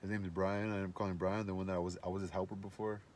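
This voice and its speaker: A man with a lowish voice spins a rambling story, swearing often and circling back over his words. He sounds laid-back and unpolished. There is a faint hiss of noise behind him. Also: flat delivery, rapid-fire, a little mellow. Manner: rambling, profane, laid-back with many fillers. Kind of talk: casual storytelling monologue.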